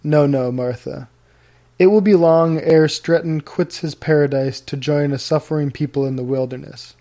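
A man's voice: fairly high pitch, steady tone, moderate pace, mellow, natural voice. A man reading the lines of an earnest, grave Puritan husband in formal, old-fashioned speech.

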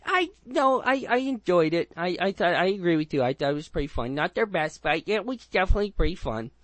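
Man host, slightly higher pitch, dry close mic, rambling crude movie banter. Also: sing-song, brisk, a bit bright, no echo. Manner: rambling, jokey, crude, restarts often. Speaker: podcast host. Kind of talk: casual movie review chat.

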